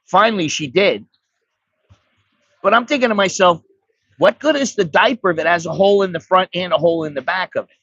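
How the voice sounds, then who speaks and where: A man's voice: high-pitched, expressive, brisk, long pauses, fairly bright tone, no room sound. An American man telling a rambling, profane story in a blunt, casual way as an expat vlogger. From United States. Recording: dry, slightly dull recording.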